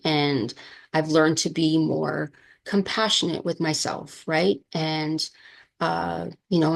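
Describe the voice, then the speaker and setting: A woman's voice: low-pitched, creaky. A woman podcast host and minister telling a candid personal story, rambling with many fillers and getting emotional.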